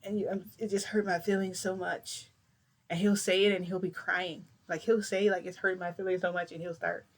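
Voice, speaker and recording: A woman's voice: mid-range voice, fairly even intonation, normal speed. A woman vlogger telling a long story in a casual, rambling way, full of filler words.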